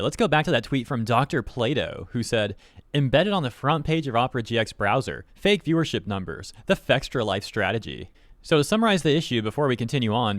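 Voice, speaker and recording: Fast-talking skeptical male commentator. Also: mid-range voice, fairly bright tone, dry recording, studio quality. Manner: skeptical, wry, quick commentary. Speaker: YouTube commentator. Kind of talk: casual commentary reading tweets.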